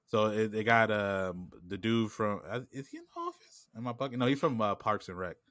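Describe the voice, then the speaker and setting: Deep-voiced man rambling on a podcast. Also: big pitch swings, brisk, fairly bright tone, no room sound. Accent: New York. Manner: rambling, lots of "like" and "you know what I'm saying". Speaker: podcast co-host. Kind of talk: casual chat.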